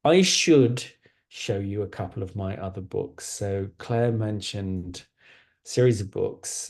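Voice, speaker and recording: A man reading a picture book aloud to children over a video call, gentle and chatty, with playful asides. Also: on the low side, takes it slowly.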